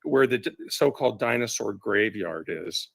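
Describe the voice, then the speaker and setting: A man's voice: fairly low pitch, animated, normal speed, creaky, no echo. A man calling in to a show, polite and a bit hesitant. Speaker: caller.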